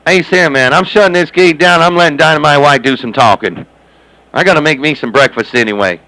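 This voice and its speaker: A man's voice: a little high, a little fast, sharp tone, poor audio. A man chatting and joking over CB radio, repeating himself and calling out to other operators by handle. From Southern California.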